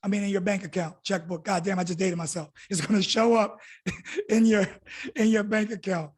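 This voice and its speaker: A man with a hoarse, raspy voice giving a pushy motivational pep talk over a video call, calling his listeners guys. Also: high-pitched, steady tone, moderate pace. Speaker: team leader.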